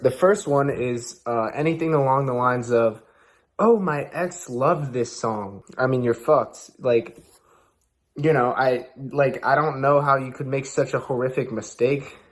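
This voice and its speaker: A man's voice: medium pitch, fairly even intonation, moderate pace. A young man hosting, giving loose casual advice with lots of fillers and asides. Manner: loose, rambling, heavy fillers. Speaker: host.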